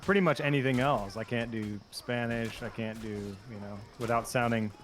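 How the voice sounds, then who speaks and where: A man's voice: medium pitch, normal speed. A man, a voice actor, chatting casually and a bit rambling during a game stream. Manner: relaxed and rambling, with frequent fillers. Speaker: voice actor guest. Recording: noisy background.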